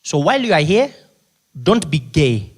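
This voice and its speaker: A man's voice: a little high, big pitch swings, normal speed, heavy background noise. A man doing an earnest chaperone. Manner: earnest, ends remarks with "eh?". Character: earnest Zambian male chaperone giving polite warnings.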